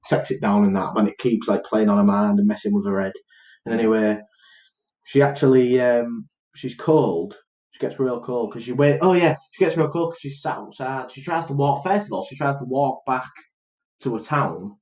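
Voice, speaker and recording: A podcast co-host retells a film plot in a casual, rambling way, full of fillers and restarts. His voice is mid-range and a little mellow, at a normal speed, and the audio quality is poor.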